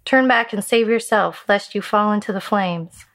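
A woman's voice: medium pitch, normal speed, a bit bright, close to an everyday voice. Woman voicing a commanding eagle god. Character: male god turned golden eagle, commanding.

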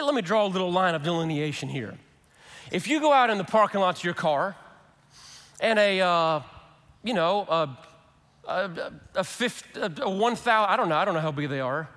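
High, bright-voiced preaching pastor. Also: male voice. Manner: conversational, animated preaching with acted-out quotes. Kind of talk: sermon. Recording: reverberant hall.

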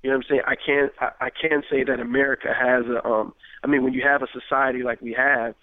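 Dude from richmond california rambling on about music, lots of you know what i mean, sounds thin like over a phone, dry. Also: male voice, mid-range voice, flat delivery, fast talker, dry recording. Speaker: rapper guest. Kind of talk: casual interview talk. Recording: tinny phone-like line, dry.

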